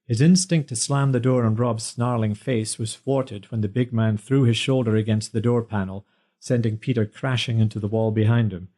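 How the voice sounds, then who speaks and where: A man reading an audiobook in scripted narration, measured and plain. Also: fairly low pitch, fairly even intonation, warm tone.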